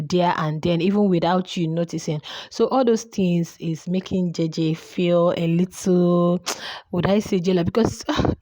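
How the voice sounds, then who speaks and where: A woman's voice: fairly low pitch, mellow, dry recording. A young woman commenting casually on a reality show, chatty and repeating herself with many fillers. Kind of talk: casual chat.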